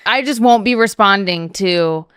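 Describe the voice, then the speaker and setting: A woman chatting as a podcast guest during a party game, giggly and swearing freely, jumping to excited squeals. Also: medium pitch, slow pace, clear, resonant tone, no room sound, clean studio sound. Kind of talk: casual chat, party game.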